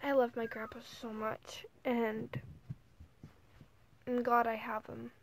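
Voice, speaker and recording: A teenage girl vlogging casually, talking softly and hesitantly with many fillers while holding back tears. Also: a little high, flat delivery, slow, slight background noise. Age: teens. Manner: soft, hesitant, full of "like" and "you know". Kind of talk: casual emotional vlog.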